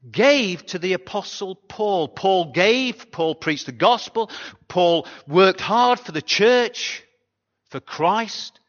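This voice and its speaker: A pastor giving a sermon in a chatty, conversational way, often asking the congregation rhetorical questions. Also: male voice, high-pitched, a bit bright. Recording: dull sound with long hall reverb.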